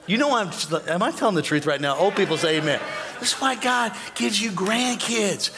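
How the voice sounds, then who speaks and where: A man preaching a sermon as pastor, joking with the congregation and bursting into shouts and mock voices. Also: high voice, animated, moderate pace, noisy background. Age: older.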